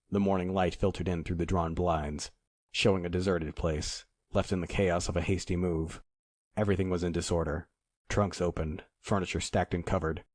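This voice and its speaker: An audiobook narrator with a deep voice reads a scripted, first-person mystery in a measured, dramatic storytelling style. His tone is darkish, and the recording is dry and studio quality.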